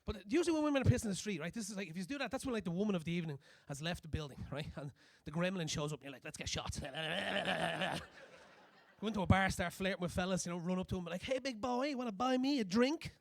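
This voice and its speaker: A young man doing a crude, animated stand-up comedy set on a club stage, acting out scenes as he goes. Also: high-pitched, fast talker, vocal fry, dry recording, clean studio sound.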